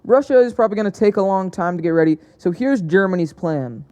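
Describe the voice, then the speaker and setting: Mellow young man, casual hesitant narration. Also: sits high, expressive, fast. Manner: hesitant, self-correcting, chatty. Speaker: narrator of an alternate-history map video.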